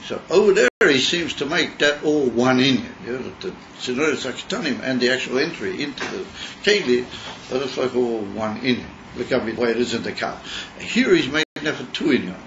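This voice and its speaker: Halting man teaching a class. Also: medium pitch, fairly bright tone, slight background noise. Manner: halting, repeats words, mixes Hebrew terms. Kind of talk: Chassidus class. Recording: muffled class recording.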